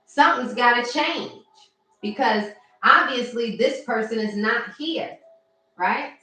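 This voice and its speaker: Slow-talking woman coach in echoey room. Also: on the high side. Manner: warm, chatty, addresses viewers directly and reads their comments aloud. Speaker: mindset coach hosting a livestream. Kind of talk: casual motivational livestream talk. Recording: very echoey room with faint music.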